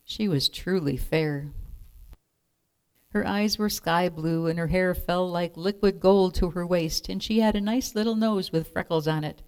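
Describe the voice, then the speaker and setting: A woman reading a children's storybook aloud in a clear, expressive way. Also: fairly low pitch, measured pace.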